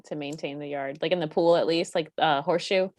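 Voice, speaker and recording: A woman's voice: low-pitched, fairly even intonation, brisk, darkish tone, no room sound. A woman co-hosting a live-stream show, giggly and playful, reading out trivia. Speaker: podcast co-host. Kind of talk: casual live-stream chat.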